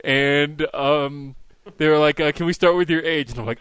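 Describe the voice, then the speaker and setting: A man hosting a wrestling talk podcast, telling stories in a wry, deadpan way in casual chat. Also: fairly high pitch, moderate pace. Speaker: podcast host.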